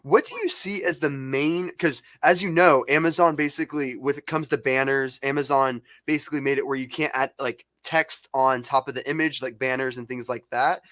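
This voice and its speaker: A man's voice: medium pitch, steady tone, a bit bright, dry recording. A man co-hosting a marketing webinar asks questions in a casual way, filling his sentences with "like". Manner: casual, with many "like" fillers and quick agreements. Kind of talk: webinar conversation.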